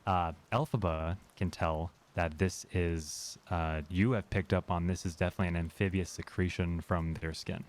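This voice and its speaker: This is a very deep-voiced man running a tabletop game. He narrates what the players find in a measured, unhurried way, stopping often on ums and uhs. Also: flat delivery. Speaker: game master.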